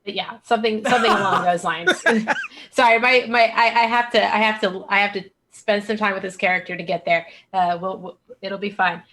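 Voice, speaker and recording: Bright-voiced woman, halting and apologetic. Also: mid-range voice, fairly even intonation, a little hiss or hum. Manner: halting, apologetic, many restarts. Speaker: player. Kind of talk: casual tabletop planning chat.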